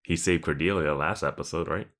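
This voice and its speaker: Man, very low voice, casual podcast co-host, loose and rambling. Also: fairly quick, fairly bright tone. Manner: rambling, trails off and restarts, laughs between points. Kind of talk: casual chat.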